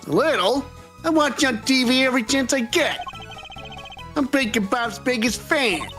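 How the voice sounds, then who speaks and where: A fan voice actor playing an excitable young male assistant who gushes like a starstruck fan, with music behind. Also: high voice, normal speed, voice pushed up. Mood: excited. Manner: eager and gushing.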